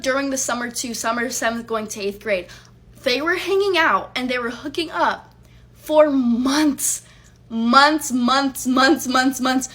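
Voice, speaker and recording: A young adult woman tells a casual storytime, heated and swearing, acting out the lines she said back then with emphasis. Her voice is on the high side, bright and forceful.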